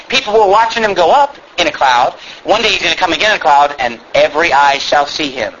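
A man's voice: fairly high pitch, animated, fast, few pauses, a bit bright, muffled recording, slight background noise. A man preaching a sermon, emphatic and sarcastic, reading scripture aloud with rising force. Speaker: pastor.

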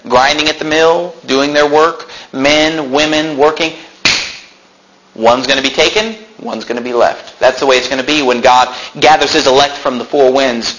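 Bright, forceful preaching man. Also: fairly high pitch, low-quality recording. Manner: reads scripture aloud, bursts into loud emphatic lines. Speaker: pastor. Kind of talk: sermon.

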